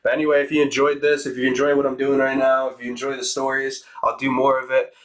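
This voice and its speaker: A young man casually telling a story to his viewers, animated and swearing, acting out what others said. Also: mid-range voice. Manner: fast, animated, swearing, acts out quotes.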